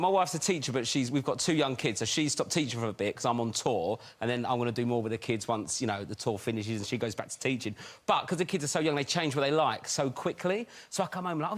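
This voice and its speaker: A man, a comedian guest, telling a chat show anecdote and acting out voices. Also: medium pitch. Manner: animated, acts out voices in stories. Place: TV studio. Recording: loud studio audience and crowd noise.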